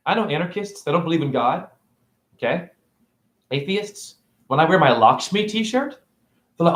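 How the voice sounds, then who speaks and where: A man giving a provocative, preachy spiritual rant on his own vlog, swinging between loud outbursts and soft asides. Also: mid-range voice, lively intonation, moderate pace. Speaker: self-styled spiritual teacher. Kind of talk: ranting vlog monologue. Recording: roomy echo.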